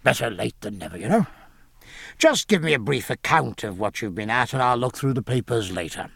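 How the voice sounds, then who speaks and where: A man voicing a gruff, hearty old admiral who speaks bluntly, in an audiobook. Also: medium pitch, very animated, a little fast, fairly bright tone, no room sound, clean studio sound, exaggerated voice. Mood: bluff hearty. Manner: blunt, bluff, hearty exclamations.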